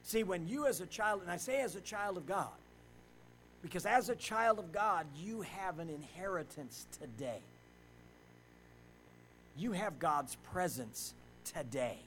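High-voiced preaching man. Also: animated, a little slow, a little hiss or hum, low-quality recording. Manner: swings between loud preaching and quiet storytelling. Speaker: pastor. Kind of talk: sermon.

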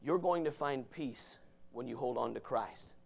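A man preaching a fiery sermon from the pulpit, dropping to low murmurs and then rising to shouts. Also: measured pace, vocal fry. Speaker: pastor.

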